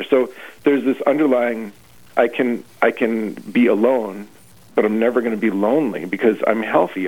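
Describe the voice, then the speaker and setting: A man's voice: fairly low pitch, breathy edge. A man, a priest leading a retreat, preaching earnestly on a radio show and often restarting his phrases. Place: radio broadcast. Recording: tinny phone-like radio line.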